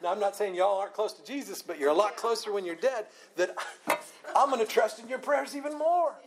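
A man teaching an informal Bible study. He is animated, often repeats and restarts words, and laughs a lot. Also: high voice, a little fast, background noise.

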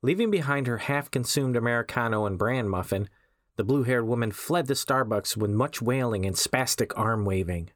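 Guy reading a spooky-funny short story, measured and wry, mid pitch, dry close mic. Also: no room sound. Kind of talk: scripted story narration.

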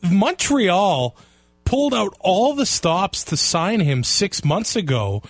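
A man's voice: high-pitched, slow pace, dry recording, studio quality, soft background music. A man co-hosting a sports podcast, chatting casually and laughing often. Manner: laughs often, lively reactions. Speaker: podcast co-host.

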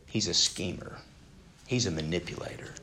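A man with a somewhat low voice preaches a sermon in a conversational way, as if talking straight to the congregation. He swings from loud, pressing emphasis to hushed, nearly whispered asides. A faint hum of room ambience sits underneath. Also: normal speed. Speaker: pastor.

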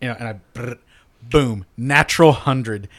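A man's voice: mid-range voice, a little slow, fairly bright tone, a little hiss or hum. A man telling a rowdy, profane tabletop-game story in a casual chat, laughing often.

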